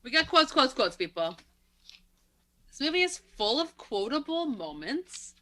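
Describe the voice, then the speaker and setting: A woman's voice: sits high, very animated, unhurried, sharp tone. A woman co-hosting a movie podcast in casual chat, wry and sarcastic, laughing between her remarks. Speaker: podcast co-host.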